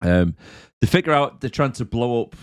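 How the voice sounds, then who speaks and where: A man's voice: medium pitch, expressive, moderate pace, clear, resonant tone, dry recording. A man co-hosting a podcast, recapping a film casually and acting out the characters' lines. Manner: retells scenes, does character voices. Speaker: podcast co-host. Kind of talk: casual film review chat.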